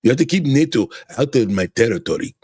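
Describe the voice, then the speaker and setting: A man's voice: medium pitch, sing-song, a little mellow, breathy edge, no echo, studio quality, voice pushed up. A man putting on a stern Russian statesman. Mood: insistent. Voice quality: put-on Russian accent, slow and pointed. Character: stern older male Russian statesman, calm and insistent.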